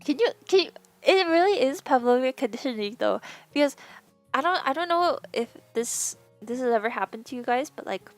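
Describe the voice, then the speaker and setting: A young woman with a lisp and some vocal fry from a sore throat, chatting casually to her stream, rambling with lots of fillers and sudden laughing squeals. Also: sits high, expressive, fairly quick, no echo, soft background music. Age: young adult. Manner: rambling, many fillers and restarts. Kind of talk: casual chat to a live stream.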